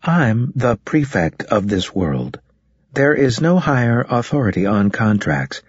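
In an audiobook character reading, a man voices a haughty, pompous alien prefect, a male-voiced creature, delivering the lines stiffly, formally and with indignation. His medium-pitched voice is very animated and unhurried, with a breathy edge and no echo, though the recording sounds dull and muffled.

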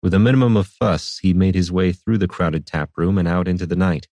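A man narrating a fantasy audiobook in a measured, even storytelling manner. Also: deep voice, dry recording, clean studio sound.

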